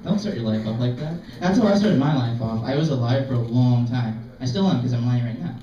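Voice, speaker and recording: A man's voice: medium pitch, lively intonation, warm tone, recorded from a distance. Rambling young man doing stand-up. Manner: rambling, self-deprecating, halting. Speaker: stand-up comedian. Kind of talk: open mic stand-up. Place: small art gallery open mic. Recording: dull, echoey room recording from afar.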